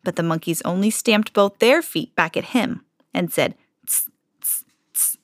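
A woman's voice: fairly low pitch, normal speed, no room sound, studio quality. A woman hosting a podcast, reading a children's book aloud expressively, lingering on repeated phrases. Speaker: storybook reader, podcast host.

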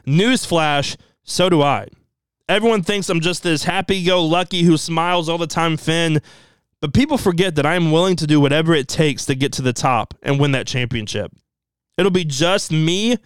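A man's voice: fairly high pitch, smooth, dry recording, lightly acted. A man voicing a menacing wrestler delivering a brooding threat. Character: menacing male wrestler cutting a threat promo.

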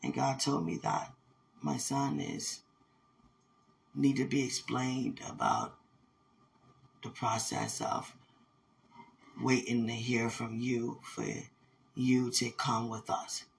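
A woman's voice: a bass voice, animated, slow pace, vocal fry, long pauses, low-quality recording. A woman hosting a podcast, talking in a rambling, emotional way and laughing often as she speaks to someone who isn't there. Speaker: podcast host. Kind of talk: casual spoken monologue.

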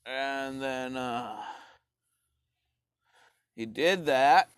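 Man, casual profane rant, slow drawl, smooth tone. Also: mid-range voice, no room sound, studio quality. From Canada. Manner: rambling and profane, many fillers and restarts.

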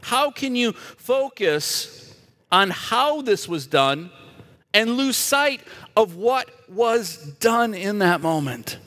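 A man's voice: high voice, very animated, slow, a bit bright, big-room sound. A man preaching a sermon as a pastor, emphatic and asking the audience rhetorical questions.

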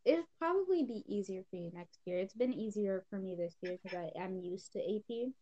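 A woman's voice: medium pitch, expressive, fairly quick, dark tone, lo-fi sound. A teenage girl chatting casually on a podcast, telling a story full of giggles and bursts of laughter. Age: teens. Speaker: podcast co-host. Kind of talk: casual chat.

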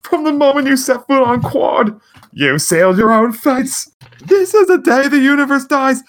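A man voicing a gloating male cosmic villain in a high, squeaky put-on voice. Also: lively intonation, normal speed.

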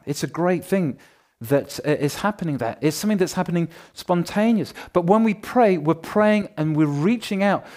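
A man preaches in a church hall, his voice sitting a little high for a man. He talks to the congregation in a lively, joking, conversational way, full of asides. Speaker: pastor. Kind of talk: sermon with church notices.

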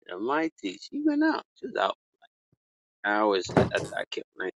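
Animated casual man on a lo-fi mic. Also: a little fast, a little hiss or hum. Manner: loose, rambling, swearing, with sudden high exclaims. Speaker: podcast co-host. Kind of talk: casual chat. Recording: dull lo-fi sound.

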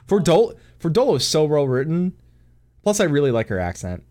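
A man streaming and chatting casually about a game, animated, laughing often and swearing casually. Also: a little high, brisk. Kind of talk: casual gaming chat.

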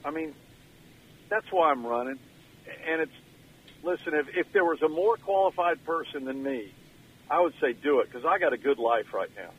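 A man's voice: fairly high pitch, animated, normal speed, long pauses, slightly rough, highs cut off. Folksy man phoning in. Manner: folksy, emotional storyteller. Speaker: guest, former governor. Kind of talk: phone-in radio interview. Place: in his car.

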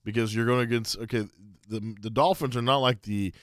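A man co-hosting a sports podcast, explaining and defending his takes in casual debate with halting restarts. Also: medium pitch, fairly even intonation, a bit bright, dry recording, studio quality. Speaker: podcast co-host.

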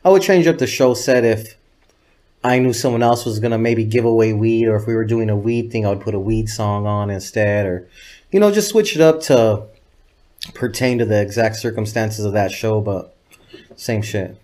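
In a casual interview, a male videographer guest spins profane, rambling stories full of quoted dialogue. He speaks at a normal speed in a lowish voice with a dark tone.

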